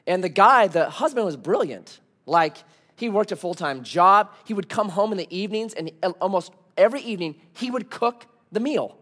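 A male pastor delivers a sermon with a high voice that swings widely in pitch. He talks to the congregation conversationally, telling stories and throwing out rhetorical questions. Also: expressive, normal speed, a bit bright.

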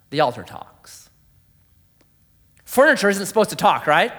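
A man preaching a sermon, telling a story dramatically, dropping to a hush and rising loud. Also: high voice, very animated, a little slow, pauses often. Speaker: pastor. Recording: long hall reverb.

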